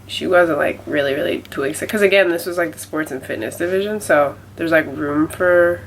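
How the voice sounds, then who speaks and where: A young adult woman with a low-pitched, nasal voice speaks a little fast in a casual confessional vlog about a setback. She rambles with lots of filler words, and the poor audio carries some hiss or hum.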